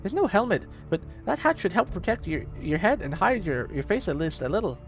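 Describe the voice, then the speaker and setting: A man voicing a gruff, protective old blacksmith who talks brusquely and urgently. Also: high voice, very animated, fairly quick, soft background music, pitched above the performer's own voice.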